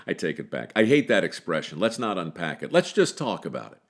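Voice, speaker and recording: A man with a very deep voice hosts a storytelling podcast, telling a tale with dramatic pauses and a wry tone. His delivery swings widely in pitch, rising and falling for emphasis. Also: wildly swooping pitch. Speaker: podcast host. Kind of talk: storytelling narration then casual talk.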